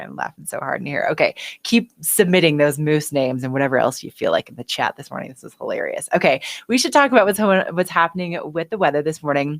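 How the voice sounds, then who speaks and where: A woman's voice: low-pitched, lively intonation, brisk, dry recording. A bubbly woman hosting a morning show, laughing often as she reads viewers' comments. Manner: giggly and bubbly, laughing at the chat. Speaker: show host.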